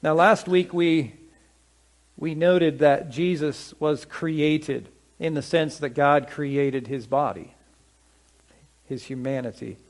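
Conversational preacher with a fairly high voice. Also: male voice, steady tone. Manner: conversational, asks the congregation questions; slows down to stress scripture quotes. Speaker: pastor. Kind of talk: sermon.

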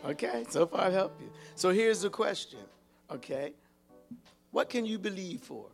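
A man's voice: high voice, animated, normal speed, creaky, faint music behind. A man preaching an interactive Bible lesson, calling out to the congregation and repeating words as he searches for them. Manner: calls out to the congregation with repeated "hello?" and "whoa". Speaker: pastor and Bible teacher. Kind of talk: interactive teaching sermon.

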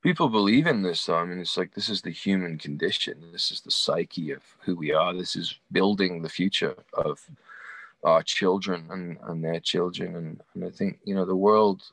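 A young man telling a rambling, animated anecdote with laughs, acting out the voices of the people in it. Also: deep voice, normal speed, dry recording. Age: young adult. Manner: acts out quoted voices. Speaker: guest. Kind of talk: casual storytelling.

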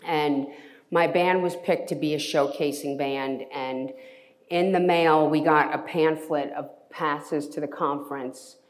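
Woman, interview guest, animated storyteller, casual and blunt, acts out voices. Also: deep voice, measured pace. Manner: lively, animated storyteller acting out quotes; casual, swears freely. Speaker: entertainment lawyer.

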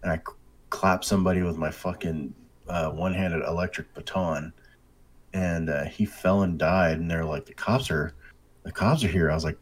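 A man in casual chat, excitedly telling profane stories about video game glitches. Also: sits low, normal speed.

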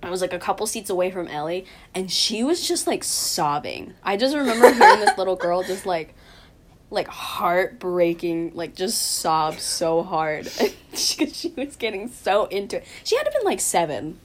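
A woman's voice: lowish voice, sing-song, moderate pace. Bubbly young woman gushing in casual chat. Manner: bubbly, gushing, lots of laughter and fillers.

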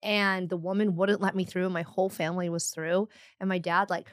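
A woman, a podcast guest, telling an anecdote in a teasing, animated, casual way. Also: on the low side, a little fast, dry recording. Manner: teasing, animated, laughs easily. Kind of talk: casual storytelling.

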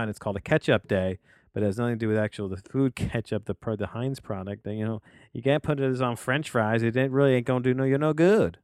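A man's voice: lowish voice, no echo. A middle-aged man hosting a solo movie review podcast from his home office studio, rambling off on jokey tangents. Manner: digressive, jokey, trailing off into tangents.

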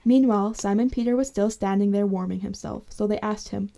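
A woman reads a scripture story aloud with steady, measured narration. Her tone is mellow and soft-edged, never pushed. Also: medium pitch, vocal fry. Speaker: scripture reader. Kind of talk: scripture reading.

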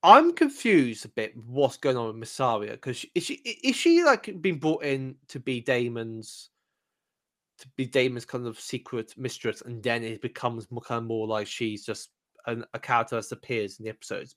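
A man's voice: medium pitch, a bit bright. A man co-hosting a podcast review, chatting casually with many fillers and restarts. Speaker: podcast co-host.

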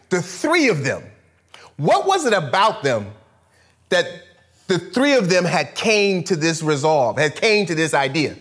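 A man delivers a sermon as an energetic storyteller, slipping into casual slang as he retells the story. His voice sits a little high for a man and swings widely in pitch. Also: unhurried. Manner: animated storytelling, acts out characters in casual slang. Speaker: preacher.

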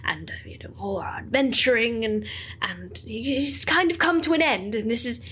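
A woman voicing an anxious, emotional male halfling in a tabletop game, speaking in a breathy, halting voice with sighs. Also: on the high side, animated, a bit bright, full character voice. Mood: nervous tender. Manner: breathy, halting, sighing delivery.

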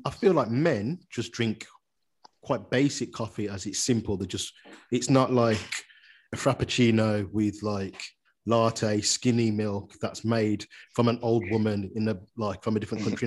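A man's voice: fairly low pitch, moderate pace, a little hiss or hum. A man, co-hosting a podcast in casual, slangy banter. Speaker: podcast co-host. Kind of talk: casual chat.

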